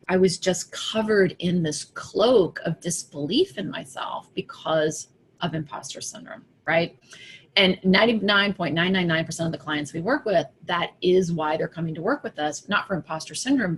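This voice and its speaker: Animated storytelling woman, lowish voice. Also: normal speed, slight background noise. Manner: animated storytelling, acting out her own thoughts. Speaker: coach. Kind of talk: casual talk to an audience.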